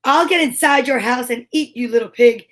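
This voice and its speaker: A woman's voice: on the high side, moderate pace, a bit bright, close to an everyday voice. A woman voicing a hungry, menacing big bad wolf in a storybook reading, growling her lines.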